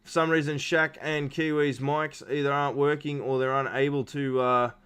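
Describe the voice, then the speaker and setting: A man's voice: on the high side, level tone, normal speed, fairly bright tone, clear, resonant tone. A man hosting post-race interviews on a live stream, rambling with lots of fillers and restarts. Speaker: stream host.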